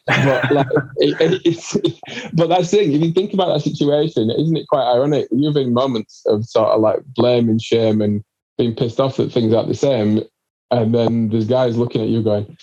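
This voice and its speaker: Husky man, mellow, lo-fi. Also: medium pitch, fairly even intonation, normal speed. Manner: reflective, rambling, swears casually. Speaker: podcast host. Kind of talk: casual conversation.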